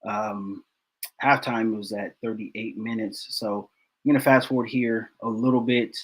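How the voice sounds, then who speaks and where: A man's voice: lowish voice, fairly even intonation, measured pace, rough recording. A man hosting a football film breakdown, talking casually and repeating himself in exasperation.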